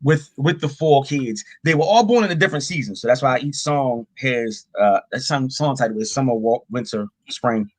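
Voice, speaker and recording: A man guesting as a rapper on a podcast, talking in a relaxed, loose way with many fillers. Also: mid-range voice, normal speed, few pauses, dry recording. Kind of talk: casual podcast chat.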